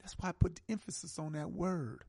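A husky, gravelly-voiced man hosts a call-in radio show. He talks with an impassioned, sermon-like cadence and leans hard on key words with slow, heavy stresses. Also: fairly high pitch, darkish tone. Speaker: radio talk show host.

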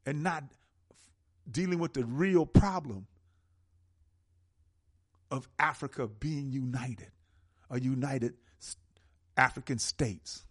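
A man hosting a call-in radio talk show, speaking with an impassioned, preaching cadence and slow, emphatic stresses. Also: mid-range voice, a bit bright, husky.

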